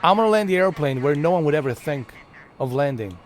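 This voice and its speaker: A man's voice: a little high, animated, fast talker. A young man casually commenting on his own live gameplay stream, joking, swearing and narrating in a mock-dramatic way.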